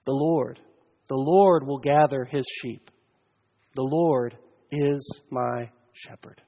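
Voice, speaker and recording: Male pastor, slow earnest sermon delivery, dull recording with long sanctuary reverb. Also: medium pitch, creaky. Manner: slow, earnest preaching that swells loud and drops to near-quiet.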